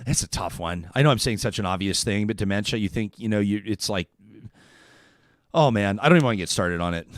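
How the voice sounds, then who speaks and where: A Canadian man hosting a talk show, musing emotionally and then reading an ad in a lively way. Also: fairly low pitch, fast talker, no echo, studio quality. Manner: emotional, rambling, then upbeat ad read. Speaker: radio show host.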